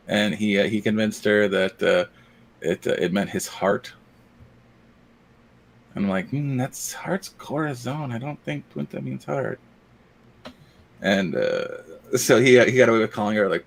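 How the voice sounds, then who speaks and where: A man's voice: on the low side, gravelly. A man chatting casually on a podcast, telling rambling stories full of fillers. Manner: rambling storyteller, many uh fillers and laughs. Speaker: podcast co-host. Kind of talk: casual chat.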